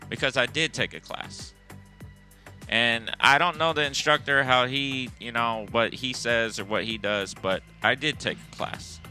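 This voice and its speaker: A man's voice: mid-range voice, bright, forceful tone. A man, an EMS worker and instructor, telling a story on a podcast in a blunt, profane, street-smart way.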